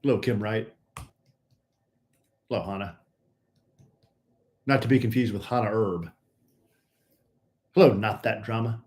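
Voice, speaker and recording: A man's voice: on the low side, unhurried, pauses often, a little mellow. A middle-aged man co-hosting a casual live stream, greeting viewers one by one with dry teasing.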